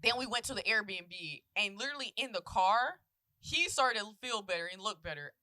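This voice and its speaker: A woman's voice: medium pitch, normal speed, dry recording. A woman in her twenties co-hosting a podcast, telling a story in casual chat, swearing freely and acting out what people said. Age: 20s. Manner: animated storytelling, swears freely, acts out quotes, laughs often. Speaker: podcast co-host. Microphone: close podcast mic.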